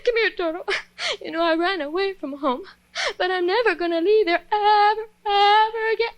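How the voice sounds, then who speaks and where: A woman's voice: very high voice, normal speed, highs cut off. A woman comedian racing through a parody, manic and giggly. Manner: manic, giggly, switching voices. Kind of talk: rapid comic parody.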